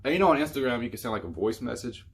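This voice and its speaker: A man's voice: medium pitch, lively intonation, very fast. A young man telling a rambling, exasperated storytime on his vlog, full of fillers. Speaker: YouTuber.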